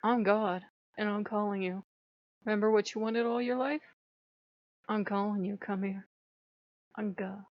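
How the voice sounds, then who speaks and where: A soft, beckoning deity who coaxes in a hushed voice, as a woman voices him. The recording is muffled and dry. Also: mid-range voice, steady tone, unhurried, pauses often, no echo, lightly acted. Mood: coaxing. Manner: hushed and coaxing. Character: soft beckoning male deity, calm and tempting.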